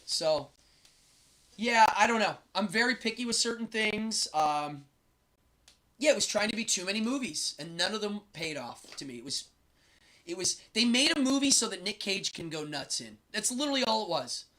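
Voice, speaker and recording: A man's voice: high voice, animated, normal speed, sharp tone. A man hosting a casual live stream, chatting and rambling with strong opinions. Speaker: host.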